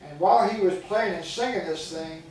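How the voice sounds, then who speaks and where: A man's voice: high-pitched, fairly quick, a little mellow, slight background noise. An older man preaching a sermon, telling stories in a folksy way and calling out to his congregation. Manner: folksy storytelling with call-outs to the congregation. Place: church sanctuary. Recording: echoey church recording from far off.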